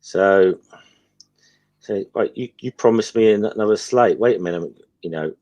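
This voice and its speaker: A man co-hosting a casual stream, reading comic dialogue aloud with halting restarts. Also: lowish voice, darkish tone, highs cut off. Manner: halting, reads quoted lines with many restarts. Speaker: co-host.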